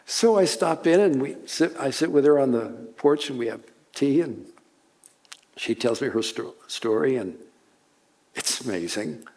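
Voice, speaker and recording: An older man telling a warm story at a conference seminar, chuckling as he goes. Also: medium pitch, lively intonation, a little slow. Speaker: speaker. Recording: long hall reverb.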